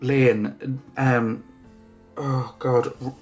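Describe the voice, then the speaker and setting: A man records a casual vlog while crying, his words halting and full of restarts and fillers. Faint music plays behind him. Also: medium pitch, flat delivery, a little mellow. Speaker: vlogger.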